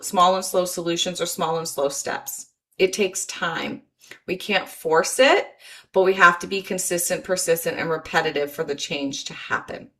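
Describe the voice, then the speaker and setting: A woman's voice: mid-range voice, a bit bright. A woman presenting a motivational webinar, encouraging and repeating key phrases, reading chat comments aloud over a video call.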